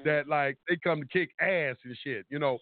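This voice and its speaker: A man's voice: fairly high pitch, normal speed, dry recording. A man calling in to a radio talk show, telling a long story with energy, acting out what each person said and swearing casually. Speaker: caller. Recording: tinny phone line, dry.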